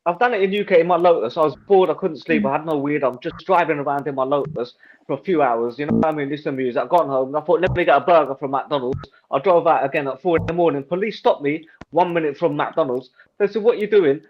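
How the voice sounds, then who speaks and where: A British man tells a story in casual chat, his voice set fairly high. He rambles and swears as he goes. The sound is muffled and lo-fi, with a faint noise underneath. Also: quick pace. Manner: rambling, profane anecdotes.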